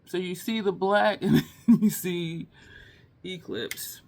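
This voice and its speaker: A woman with a lowish, darkish voice speaks slowly as she films a relaxed makeup tutorial at home. Chatty and quick to laugh, with eyes often teary, this beauty vlogger addresses her viewers as "y'all."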